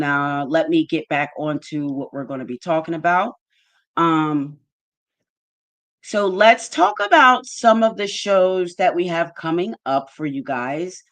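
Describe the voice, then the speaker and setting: A woman hosting a casual livestream, thanking her chat viewers one by one in an effusive way. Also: sits low. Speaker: livestream host.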